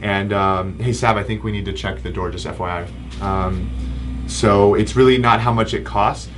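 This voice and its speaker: A man's voice: lowish voice, steady tone, moderate pace, background noise. A man in his thirties, a chiropractor hosting a casual live Q&A and answering viewer comments with frequent ums. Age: 30s. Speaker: chiropractor host.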